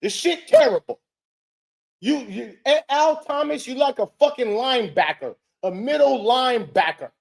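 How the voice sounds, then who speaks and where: Male reaction host, rants and heckles, swears freely, breaks into shouts. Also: extremely high pitch, expressive, moderate pace, vocal fry, hardly any pauses. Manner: profane, heckling, loud outbursts. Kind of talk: ranting reaction commentary.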